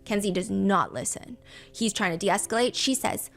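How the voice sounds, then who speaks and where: A woman's voice: mid-range voice, normal speed, creaky. A woman telling a true crime story in a casual, emphatic way, full of asides. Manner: chatty, emphatic, many asides.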